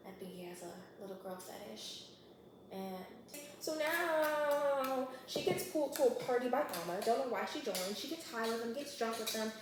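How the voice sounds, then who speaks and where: A young woman casually retelling a thriller plot while baking, gossipy and quick, acting out the characters' lines. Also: fairly high pitch. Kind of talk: casual chatty plot recap. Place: home kitchen. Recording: very echoey kitchen, faint hum.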